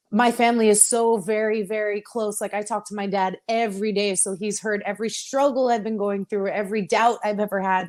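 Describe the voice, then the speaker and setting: A woman's voice: medium pitch, a little mellow. A young woman from Texas, a professional wrestler, talking openly and emotionally in a casual interview, laughing often. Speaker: interview guest, pro wrestler.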